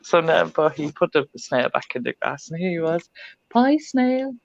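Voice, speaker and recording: A woman's voice: low voice, normal speed, creaky. A woman hosting a craft livestream, chatting casually and laughing as she tells a funny story, heard through a computer mic on a video call. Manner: chatty, laughs often while telling a story. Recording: dull lo-fi livestream audio.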